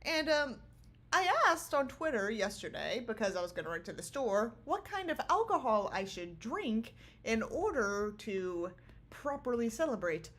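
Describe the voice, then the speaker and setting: A woman's voice: a little high, a bit bright. A woman streamer chatting casually with her viewers from home, giggling often and rambling. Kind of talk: casual livestream chat. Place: small home room.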